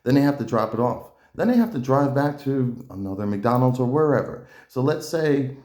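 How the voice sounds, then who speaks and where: A man rants through an opinion monologue in a blunt, riled-up way and swears freely. His voice is dark and mellow, and the room around him echoes. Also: medium pitch, lively intonation, moderate pace. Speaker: vlogger.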